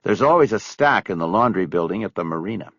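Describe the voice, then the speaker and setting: A curt, forceful middle-aged man with a low, husky voice and lively ups and downs, as a male narrator plays him. The audiobook recording sounds dry and slightly dull. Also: fast talker, dry recording. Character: angry, clipped middle-aged man holding back rage.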